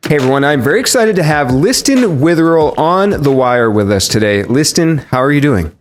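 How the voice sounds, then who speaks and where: A man's voice: fairly high pitch, lively intonation, brisk, soft background music. A man hosting a podcast, introducing his guest and asking questions in a conversational, self-correcting way. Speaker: podcast host.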